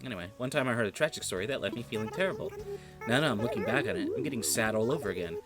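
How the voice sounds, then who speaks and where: Male streamer, chatty and joking, very expressive pitch, game music playing underneath. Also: rapid-fire. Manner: rambling, joking, talks to the viewer. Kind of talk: casual gameplay commentary.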